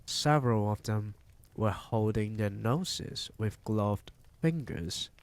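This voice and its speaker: A man reading a novel aloud on a live stream, telling it in an unhurried, measured way. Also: lowish voice, smooth, dry recording.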